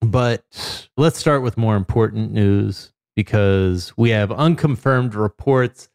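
A man's voice: fairly low pitch, slow, darkish tone, clean tone, no echo. A man hosting a podcast in casual comedic chat, rambling and joking with a co-host.

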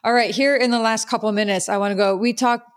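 A podcast host interviewing a guest, encouraging and quick with short agreements. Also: mid-range voice, steady tone, smooth.

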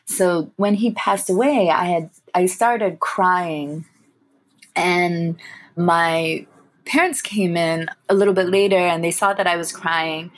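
Young adult woman, interview guest; slightly low pitch, thoughtful and warm, halting storytelling. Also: steady tone, slight background noise. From grew up in England, family from Sri Lanka. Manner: thoughtful, warm, laughs softly, frequent fillers. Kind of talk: reflective personal storytelling.

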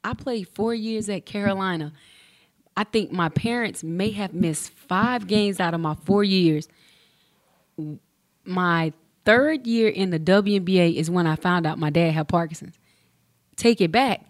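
A woman's voice: fairly low pitch, measured pace, dry recording. A woman in her forties, a former pro basketball player, telling a personal story casually and acting out the dialogue with slang. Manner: animated, acts out dialogue with slang.

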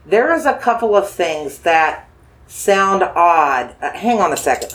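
Using dowsing rods, a paranormal investigator gently questions a spirit, coaxing, reassuring, repeating phrases, and asking slow yes-or-no questions. The medium-pitched voice has big pitch swings, and there is slight background noise.

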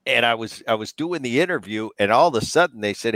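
A middle-aged man hosting a casual sports podcast, animated and telling stories with quick impressions of other people. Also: on the low side, dry recording. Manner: animated storyteller, mimics others in quotes. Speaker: podcast host, former ballplayer.

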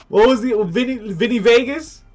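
A man in a casual group chat who laughs often and tends to repeat himself. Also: very high-pitched.

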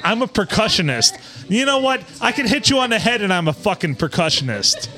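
A man co-hosting a podcast, joking loudly in crude casual banter. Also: sits high, a little fast, faint music behind. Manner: loud, joking, animated. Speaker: podcast co-host.

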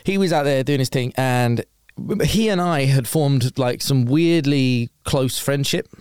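A young man guesting on a podcast, telling an anecdote in a lively, teasing way. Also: mid-range voice, clean tone, no echo, studio quality. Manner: lively, teasing, quick to laugh. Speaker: guest radio presenter. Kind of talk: casual chat.

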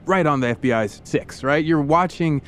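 A man's voice: on the high side, normal speed, a little hiss or hum. A man hosting a podcast, telling a true story in the second person and playfully acting out the people in it. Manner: vivid, playful, acts out side characters with funny voices. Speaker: podcast host.

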